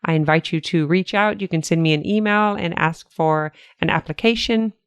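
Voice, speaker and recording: A woman's voice: fairly low pitch, normal speed, clean tone, dry recording. An older woman hosting a solo podcast, talking in an earnest, encouraging way with repeated motivational phrases. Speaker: podcast host.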